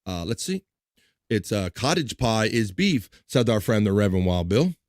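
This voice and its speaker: A man's voice: fairly low pitch, very animated, normal speed, a little mellow. A man hosting a casual livestream, joking around and reading viewer comments aloud. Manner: upbeat, jokey, reads chat messages aloud. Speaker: livestream host.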